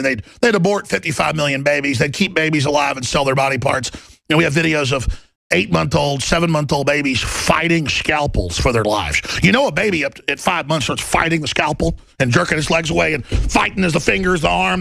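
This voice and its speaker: A man hosting a talk show, delivering an impassioned, urgent monologue that bursts into shouting. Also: fairly high pitch, a little fast, creaky, dry recording.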